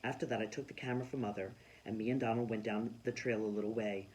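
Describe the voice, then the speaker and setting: A man reading a children's storybook aloud in a lively, expressive way. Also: on the low side, fast talker, poor audio. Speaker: children's book reader.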